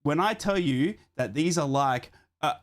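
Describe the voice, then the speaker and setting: A young man hosting a live football watchalong stream from home, hoarse from a chest infection and thanking viewers over and over. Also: on the high side, lively intonation, unhurried. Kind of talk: excited live-stream chat. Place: home streaming setup in Australia.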